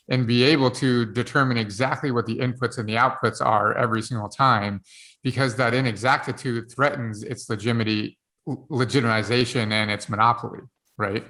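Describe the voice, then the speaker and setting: A man's voice: mid-range voice, fairly bright tone. A man hosting a podcast, engaged and building his points with rhetorical questions. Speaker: podcast host. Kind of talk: podcast discussion.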